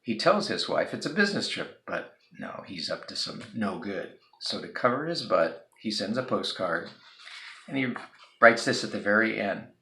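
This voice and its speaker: Gravelly low-voiced man lecturing. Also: very animated, moderate pace, sharp tone, reverberant. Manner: casual, joking, filler-heavy. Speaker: instructor. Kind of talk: recorded video lecture.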